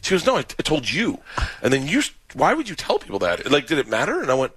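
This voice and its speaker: A man's voice: a little high, fast talker, husky, dry recording. A man telling stories in casual radio chat, acting out quotes and laughing often. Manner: animated storyteller, acts out quotes, laughs often. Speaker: comedian guest.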